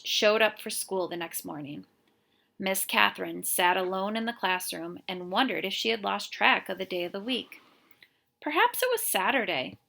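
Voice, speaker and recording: A woman teacher reading a novel aloud chapter by chapter, in a clear, steady storytelling voice. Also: medium pitch. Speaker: reader, teacher.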